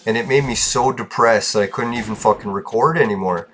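Bitter, foul-mouthed man with a low voice. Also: a little fast, fairly bright tone. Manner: bitter, profane, venting. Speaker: podcaster. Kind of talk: casual ranting monologue.

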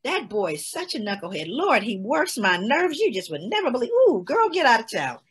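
A woman's voice: a little high, big pitch swings, fairly quick, breathy edge, exaggerated voice. A woman voicing a modern mother who brushes off a compliment about her son with teasing exclamations. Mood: sassy. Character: modern mother, sassy and dismissive.

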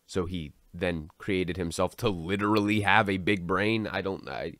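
Man, low voice, sarcastic online commentator, dry close recording. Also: normal speed, a bit bright, dry recording. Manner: sarcastic, mocking. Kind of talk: commentary vlog.

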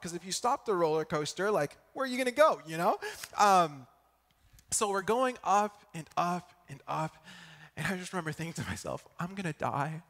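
Young man, student preacher, lively storytelling, higher voice, echoey church hall. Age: young adult. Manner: lively storytelling, checks in with the audience. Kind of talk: sermon with personal story.

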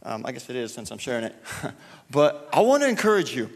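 A man's voice: medium pitch, sing-song, fairly quick, gravelly, in a large hall. A young man preaching casually to a church gathering in a loose, chatty way with lots of fillers. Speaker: youth pastor. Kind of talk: casual sermon and prayer. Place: church hall.

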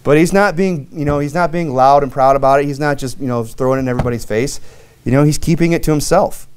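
Folksy American preacher, casual and chatty. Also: male voice, a little high, fast talker, darkish tone, smooth. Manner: conversational, folksy preaching with frequent fillers and restarts. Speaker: pastor. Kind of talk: sermon.

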